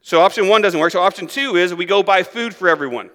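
A male pastor with a bright, forceful, slightly high voice gives a relaxed, chatty sermon. He talks to the congregation like friends and slips into lively acted voices for the people in the story. His voice carries a long hall reverb. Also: fast. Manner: animated, acts out the disciples' voices in a higher, louder pitch; conversational, many "like" and "right?" asides.

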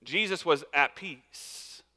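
A man's voice: on the high side, slow, pushed and bright, long reverb tail. A man preaching a sermon as a pastor, in a casual, conversational way with many fillers.

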